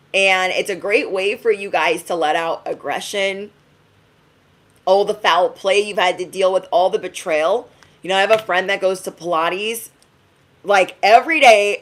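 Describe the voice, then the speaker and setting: A young woman giving an intuitive card reading to viewers in a chatty, playful way, laughing often and acting out quoted voices. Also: medium pitch. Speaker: tarot reader.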